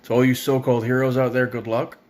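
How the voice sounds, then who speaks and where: A man's voice: medium pitch, little pitch movement, quick pace, a little mellow. A young man from Ontario rants with a mid-range voice. He is angry and sarcastic and swears constantly. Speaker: parent ranting on video. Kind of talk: profane political rant.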